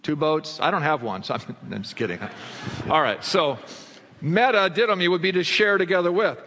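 A man preaching a sermon to his congregation, asking them questions and answering them himself, swinging between fervent high passages and low quiet ones. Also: moderate pace. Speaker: pastor. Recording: long hall reverb.

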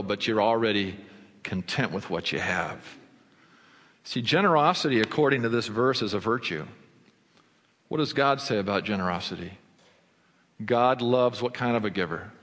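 A man preaching a sermon to his congregation, asking them questions and answering them himself, swinging between fervent high passages and low quiet ones. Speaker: pastor. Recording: long hall reverb.

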